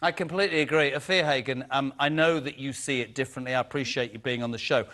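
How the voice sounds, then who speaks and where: A man's voice: mid-range voice, fast talker, fairly bright tone. A man hosting a TV panel debate, asking combative, incredulous questions. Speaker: TV host.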